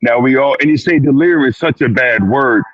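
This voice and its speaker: A man's voice: mid-range voice, a little fast, no room sound. A man talking as a clinician guest in an emphatic, insistent way. He repeats words and acts out little quoted asides. His voice comes through a dry, dull recording with no room sound. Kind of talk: panel discussion.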